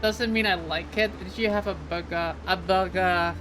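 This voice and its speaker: A woman's voice: medium pitch, moderate pace, over music, poor audio. A young adult woman streaming a game live, chatting casually and playfully with lots of "like" fillers. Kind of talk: casual live gameplay chat.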